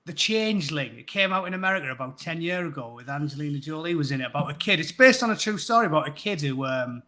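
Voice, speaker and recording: Brief: male co-host, high, bright voice, chatty profane storyteller. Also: expressive, fast talker. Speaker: stream co-host. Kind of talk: casual storytelling chat.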